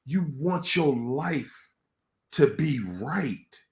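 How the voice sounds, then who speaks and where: A man speaking to a room in a loose, storytelling way, full of slang and lively asides. His voice sits a bit high for a man and moves around as he goes. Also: extremely slow. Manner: colloquial, animated storytelling. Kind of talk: casual motivational talk.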